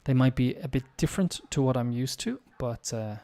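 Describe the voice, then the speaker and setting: A man's voice: medium pitch, animated, brisk, mellow. An English teacher with an Irish accent, musing in a casual live-stream chat and talking directly to his viewers. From Ireland.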